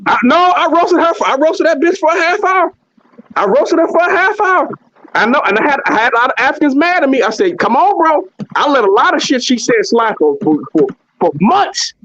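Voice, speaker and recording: A man's voice: very high voice, sing-song, a little fast, fairly bright tone, muffled recording. A man hosting, talking in a blunt, profane, heated way and often repeating himself. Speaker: host. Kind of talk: heated casual commentary.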